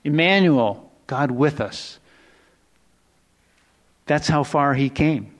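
Male pastor, sermon delivery, slightly high voice, chatty and rambling, with quiet asides and rising emphasis. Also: takes it slowly. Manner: conversational, rambling with restarts and self-corrections; swings between hushed low asides and rising excited emphasis.

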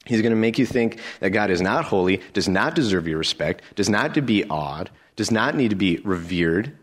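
A man's voice: fairly low pitch, lively intonation, moderate pace. A male pastor giving a sermon, emphatic and rhetorical, with lots of repetition.

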